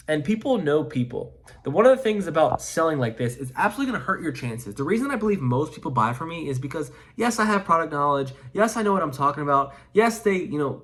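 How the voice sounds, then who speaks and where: Fast-talking energetic sales coach man. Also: a little high. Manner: emphatic and repetitive, energetic pep-talk delivery. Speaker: life insurance sales coach. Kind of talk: motivational coaching monologue to camera.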